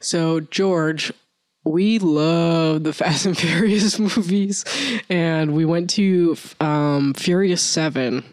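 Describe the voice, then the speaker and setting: Rambling young podcast host, dry sound. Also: male voice, fairly high pitch, slow, dry recording. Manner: rambling, laughs often. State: recovering from illness. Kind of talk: casual chat.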